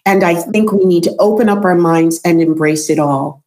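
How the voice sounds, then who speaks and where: A woman's voice: fairly low pitch, normal speed, darkish tone. A woman with a New York accent, a voice and accent coach and author, talking passionately as an interview guest and repeating points for emphasis. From New York City. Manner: emphatic, repeats herself for stress.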